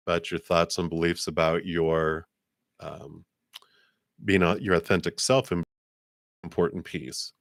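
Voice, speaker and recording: A man's voice: no room sound, studio quality. A man doing a live tarot card reading, chatty and laughing often. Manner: chatty, laughs often, voices guides with sassy high "girl".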